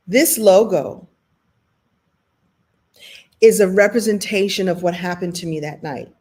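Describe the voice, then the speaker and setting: A woman from Brooklyn hosts a motivational talk and tells a personal story. She speaks with animated, self-deprecating energy, often speeding up and slowing down. Her pitch sits in the middle range. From Brooklyn, New York. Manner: animated, self-deprecating, shifting pace and loudness.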